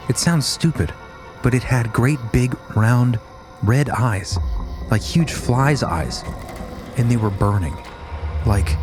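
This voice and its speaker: A man hosting a podcast, dramatically reading a first-hand witness account and getting loud at the quoted screams. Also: mid-range voice. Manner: animated storytelling, rising to shouts at quoted screams. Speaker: podcast host.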